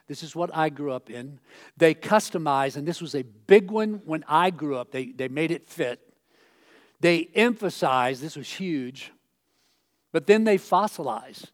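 A man pastor giving a sermon on a church stage in a conversational way, acting out quoted voices with sudden loud outbursts. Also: fairly high pitch, expressive, measured pace.

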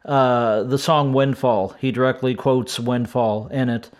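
Here the St. Louis podcast host, a middle-aged American man, discusses albums with casual enthusiasm and plenty of tangents, tired and breaking off for the odd chuckle. His voice is medium-pitched with fairly flat intonation, and he takes his time.

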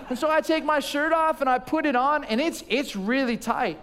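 A man in his forties preaching a sermon in an animated, humorous storytelling way. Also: very high voice, brisk, hardly any pauses, long reverb tail. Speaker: pastor.

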